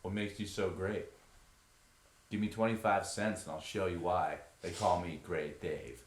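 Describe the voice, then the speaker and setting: A man's voice: deep voice, fairly even intonation, slight background noise. A man putting on a laid-back California stoner voice to play a mock-profound guru figure. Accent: put-on California stoner voice. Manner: slow, drawling, mock-profound. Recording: roomy echo.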